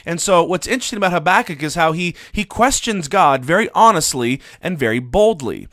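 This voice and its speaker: A man's voice: fairly high pitch, animated, quick pace, few pauses, fairly bright tone, no room sound. Earnest male Bible teacher, dry sound. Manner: earnest, conversational, frequent "uh" fillers. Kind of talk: recorded Bible study lesson.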